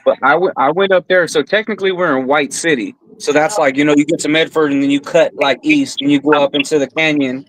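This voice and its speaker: A man's voice: a little high, steady tone, fast, hardly any pauses, a bit bright, a little hiss or hum, rough recording. A man co-hosting a podcast, telling rambling stories in casual chat, swearing a lot and calling everyone bro. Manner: profane, storytelling, says bro often. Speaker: podcast co-host.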